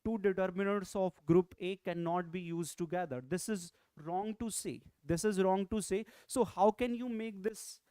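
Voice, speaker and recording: Indian man teaching grammar, smooth voice. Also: sits high, mellow, no room sound. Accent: Indian English. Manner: explains slowly, repeats example sentences, checks with questions. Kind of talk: exam-prep grammar lesson.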